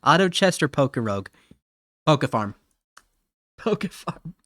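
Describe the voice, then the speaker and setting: A man's voice: on the high side, sing-song, slow pace, a bit bright, no echo. A man from Ohio chatting casually while streaming a game, rambling, giggly and correcting himself as he goes. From Ohio, USA. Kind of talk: casual live-stream chat.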